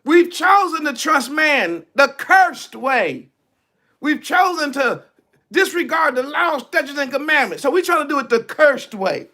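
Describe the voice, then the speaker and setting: A man's voice: very high voice, sing-song, a little slow, bright, forceful tone. A male preacher giving a fiery, colloquial online sermon, reading scripture and preaching it.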